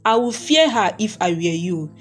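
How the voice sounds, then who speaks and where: Woman voicing a firm, measured male police officer. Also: mid-range voice, lively intonation, faint music behind, lightly acted. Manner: measured, emphatic.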